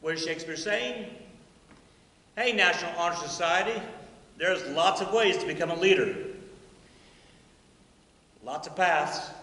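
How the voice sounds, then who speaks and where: A man delivers a keynote speech in a playful, theatrical storytelling manner. His voice is bright and forceful. It rings with the long reverb of a high school auditorium. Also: unhurried, pauses often. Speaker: keynote speaker at a school induction ceremony. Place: high school auditorium, stage and control booth.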